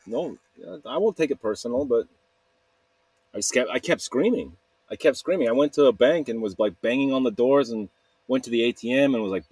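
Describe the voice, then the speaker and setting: A man's voice: mid-range voice, a little mellow, husky, dry recording. A man talking to camera in a rambling, candid way, often laughing at himself. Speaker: video blogger. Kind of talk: casual confessional monologue.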